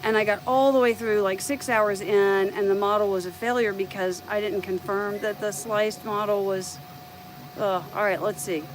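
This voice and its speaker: A woman's voice: medium pitch, fairly even intonation, normal speed, slight background noise, low-quality recording. A middle-aged woman from the United States with a light Southern accent, chatting casually on a live stream about her printer and thinking aloud as she goes. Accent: light American Southern.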